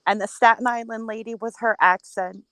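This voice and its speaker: A woman's voice: on the high side, fairly even intonation, brisk, fairly bright tone, no echo. A woman from upstate New York chatting on a panel, talking emphatically and repeating words as she gathers her thoughts. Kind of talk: casual chat.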